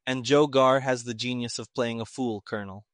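A man voicing a quiet, composed male army captain who speaks slowly. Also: mid-range voice, fairly even intonation, no echo, studio quality, close to an everyday voice. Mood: calm. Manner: quiet, slow.

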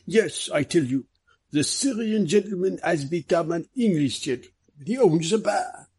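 A man's voice: sits high, expressive, a little mellow, husky, voice pushed up, heavily acted. Man doing a joking foreign detective. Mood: teasing. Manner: halting, slightly broken phrasing. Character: foreign male sleuth, dry joker, broken English.

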